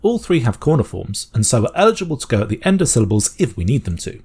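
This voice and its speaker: A British man explaining a constructed language step by step in a calm, methodical tutorial voice. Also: mid-range voice, fast, breathy edge. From Britain. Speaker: language teacher.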